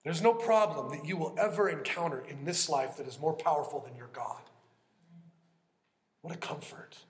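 A man preaching a sermon in an earnest, conversational way, often dropping to a hushed voice for emphasis. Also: a little high, normal speed, echoey room.

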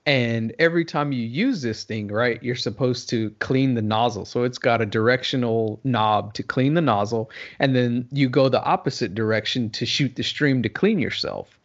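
A man's voice: medium pitch, normal speed, few pauses. Guy laughing through a story, yelps out the quotes, kinda muffled lo-fi audio. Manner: animated, laughing, acts out shouted quotes. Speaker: podcast co-host. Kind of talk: casual storytelling chat.

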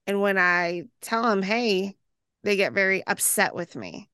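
A woman hosting an interview, attentive and quick to react. Her voice is smooth and resonant, and it is recorded close and dry. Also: mid-range voice, animated, sharp tone, no echo. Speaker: host. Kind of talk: interview chat.

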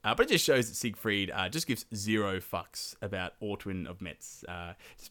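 A man's voice: on the low side, expressive, moderate pace, hardly any pauses, fairly bright tone. A man hosting a podcast, retelling a medieval epic in a casual, profane, slangy way with laughing asides. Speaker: podcast host.

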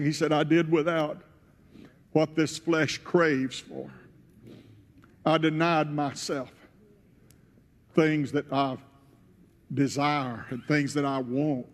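Slow-preaching man in a reverberant church. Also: on the high side, flat delivery. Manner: preaching with dramatic swells, voicing Nehemiah in first person. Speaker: pastor. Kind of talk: sermon. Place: church sanctuary. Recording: church hall with long reverb.

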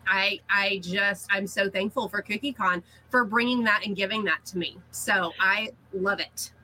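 Bright, slightly husky chatty woman. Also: mid-range voice, moderate pace, low-quality recording. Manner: chatty, laughing, animated retelling of anecdotes. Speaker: guest, cookie artist. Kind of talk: casual interview storytelling.

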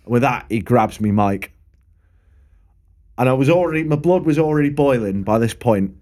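A young man telling stories from his gigs in a casual podcast chat. He is animated and sweary, and he acts out the hecklers and bar staff he quotes. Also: medium pitch, normal speed. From England. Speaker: podcast co-host and gigging musician.

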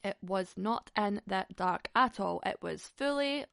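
A woman's voice: mid-range voice, expressive, unhurried, gravelly, a bit bright, no echo, clean studio sound. A young woman hosting a podcast, telling a frank story bluntly with lots of swearing and laughing mid-sentence. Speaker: podcast host. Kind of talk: candid comic storytelling.

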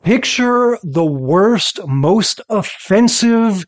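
Male podcast co-host, slightly high voice, casual rambling recap delivery. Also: lively intonation, extremely slow. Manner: rambling, chatty, hedges with "right?". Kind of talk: casual chat reviewing sitcoms.

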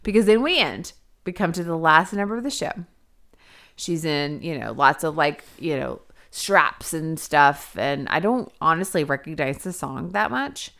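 A woman co-hosting a casual podcast, her low voice bright and smooth as she recaps a film. She talks frankly, swears freely and fills her sentences with "like.". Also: animated, moderate pace. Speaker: podcast co-host. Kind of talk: casual movie review chat.

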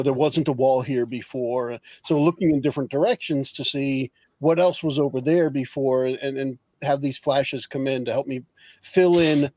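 A man's voice: fairly high pitch, mellow, dry recording, low-quality recording. A man playing a tabletop game, thinking aloud as he explains what his character does. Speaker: player.

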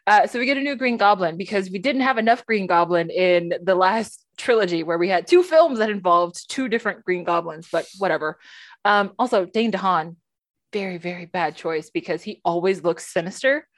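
A woman's voice: on the low side, a little fast, no room sound. Chatty woman with a dry close sound. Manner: chatty, lots of fillers and laughs. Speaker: podcast co-host. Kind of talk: casual chat.

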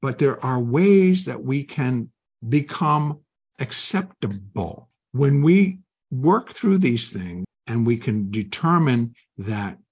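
A man's voice: mid-range voice, slow pace, breathy edge. An older man teaching trading, talking live and acting out inner voices. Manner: animated, acts out inner voices. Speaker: trading educator.

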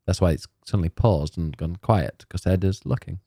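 A man's voice: low-pitched, mellow, no room sound, studio quality. A man co-hosting a gaming podcast, joking and teasing in casual banter. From United Kingdom. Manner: quick-witted, teasing banter. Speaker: podcast co-host. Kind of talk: casual chat.

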